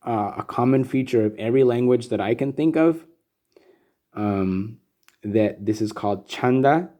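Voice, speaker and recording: A man's voice: on the low side, dark tone. A man teaching Sanskrit meter in a recorded lesson, explaining things patiently and methodically with frequent ums.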